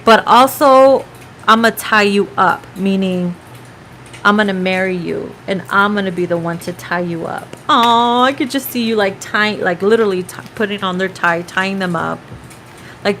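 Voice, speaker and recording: A woman's voice: medium pitch, moderate pace, fairly bright tone, a little hiss or hum, poor audio. A woman giving a casual tarot reading, chatty and profane, now and then breaking into snatches of song. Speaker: tarot reader.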